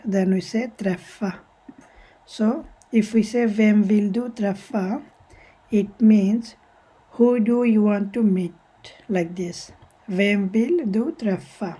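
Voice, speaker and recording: A woman's voice: mid-range voice, dark tone, slightly rough, low-quality recording. A woman teaching a language lesson step by step, patiently repeating each example and translating it, sometimes correcting herself.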